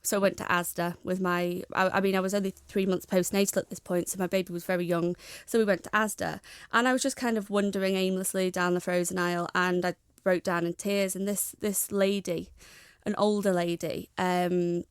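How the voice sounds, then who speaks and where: A young woman, a guest in an interview, speaking frankly and reflectively in a steady way. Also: medium pitch, fairly quick, clean tone, dry recording, studio quality. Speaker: guest, charity founder. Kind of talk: candid interview talk.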